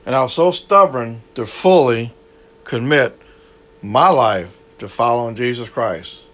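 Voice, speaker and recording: Slow, dramatic male preacher. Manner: dramatic swings between loud high bursts and low quiet asides. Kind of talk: sermon.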